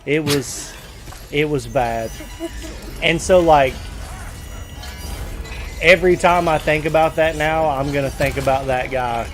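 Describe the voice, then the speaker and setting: A middle-aged man hosting a game stream, his voice slightly high. He jokes loudly and laughs often. Faint music runs behind. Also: unhurried, pauses often. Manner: loud, laughing, joking. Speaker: streamer host. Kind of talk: casual gaming chat.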